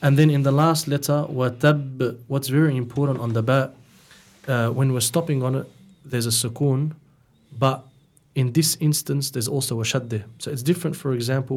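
A man hosting a program, explaining recitation rules to listeners with frequent pauses and fillers. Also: mid-range voice, fairly even intonation, darkish tone. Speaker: program host and interpreter. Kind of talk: explaining a lesson to radio listeners.

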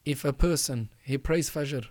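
A man's voice: medium pitch, measured pace, darkish tone, no room sound, clean studio sound. A man hosting a religious advice talk, earnestly urging listeners and repeating phrases for emphasis. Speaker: podcast host.

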